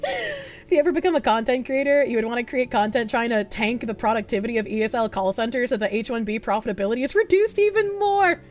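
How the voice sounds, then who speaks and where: A young woman with a Boston accent, streaming and chatting casually with her chat in an animated way, swearing often. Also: on the high side, fast talker. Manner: animated, swearing, laughing, bursts into loud put-on yells. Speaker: streamer reading chat messages. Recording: faint music behind.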